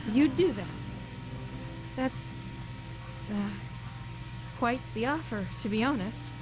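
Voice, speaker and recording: A woman voicing a young woman in a game, talking in an earnest, hesitant way over loud game music. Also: a little high, lively intonation, slow pace, low-quality recording. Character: young woman worried about her estranged mother. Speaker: game character. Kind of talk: voiced game dialogue.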